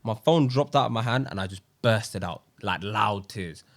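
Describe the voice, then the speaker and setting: A man's voice: fairly low pitch, moderate pace. A young man, a podcast co-host sharing a personal story in earnest, slang-filled casual chat. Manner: earnest, slang-filled, says wallahi often.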